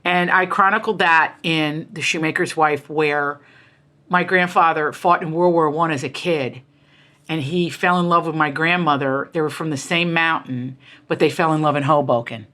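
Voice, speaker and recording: A middle-aged American woman, an author and guest in an interview, tells family stories with passion and emphasis. Her low voice keeps a fairly even intonation at a moderate pace and sounds a bit bright. She jumps into quoted voices in animated conversational storytelling.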